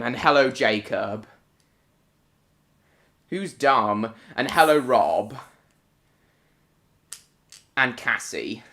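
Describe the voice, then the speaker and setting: A man's voice: mid-range voice, pushed and bright. A British man hosting a casual live stream, greeting viewers by name and answering chat comments in short, broken phrases.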